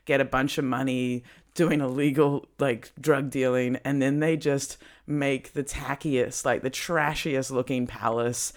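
Young adult, talkative and teasing, mid-pitched voice, casual chat. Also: fairly even intonation, a little slow, few pauses.

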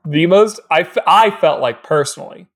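Male podcast co-host, sarcastic casual recapper, lively pitch. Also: normal speed. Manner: animated, sarcastic. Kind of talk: casual movie recap chat.

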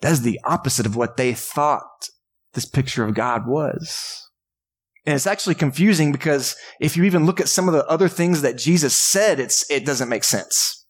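A man's voice: a little high, lively intonation, moderate pace, breathy edge. A man, a pastor, preaching a casual, joking sermon in a church and acting out voices from the crowd. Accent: Texan. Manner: conversational, jokey preaching with acted-out voices. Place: church sanctuary.

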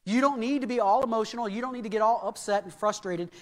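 Earnest American pastor preaching in a hall. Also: male voice, sits high, fast, hardly any pauses. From United States. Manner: earnest, repeats key phrases for emphasis. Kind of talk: sermon. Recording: reverberant hall.

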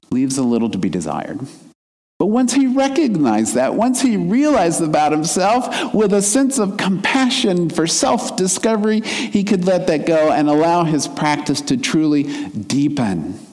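A man preaches in an earnest, reflective voice, pitched a little high, with emphasis that rises and falls as he makes each point. His words trail off into a long reverb, as if spoken in a large church hall. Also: darkish tone. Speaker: minister. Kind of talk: sermon.

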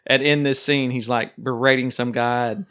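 A man in the host's chair of a casual podcast, mid-pitched and easygoing. He drifts into long, teasing anecdotes and keeps the banter running. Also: fairly even intonation, normal speed, a bit bright. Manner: joking, rambling storyteller. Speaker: podcast host. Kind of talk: casual chat.

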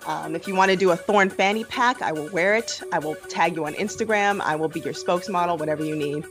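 A woman's voice: lowish voice, fast, over music. A woman guest critic on a podcast, playful and joking in casual chat.

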